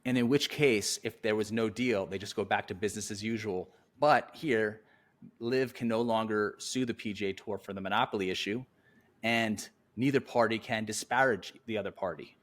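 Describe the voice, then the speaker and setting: Lowish-voiced man hosting a golf podcast. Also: steady tone, normal speed. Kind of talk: casual chat and reading a document aloud.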